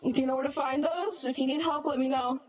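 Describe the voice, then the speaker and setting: Giggly high-voiced woman streamer. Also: steady tone, fast, a little mellow, lo-fi sound. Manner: giggly and bubbly, laughs often; flustered and self-deprecating. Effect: robot voice filter. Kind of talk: casual live-stream chat.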